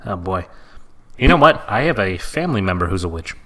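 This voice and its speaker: A young man co-hosting a casual podcast, chiming in with quick, disbelieving reactions. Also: low voice, very animated, a bit bright. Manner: quick reactions, incredulous interjections. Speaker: podcast co-host.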